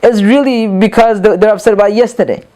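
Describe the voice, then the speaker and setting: Speaking fairly quickly in a high, steady, mellow voice, a man teaches a casual lesson. He wanders, repeats himself, leans on fillers like "you know," and performs his examples as quotes.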